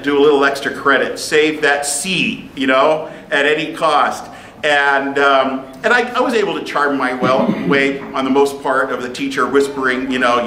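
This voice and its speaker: Bright-voiced, animated male preacher. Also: mid-range voice, a little hiss or hum. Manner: animated, humorous, with restarts. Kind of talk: sermon with personal storytelling. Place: church meeting room. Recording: echoey room, faint ambience.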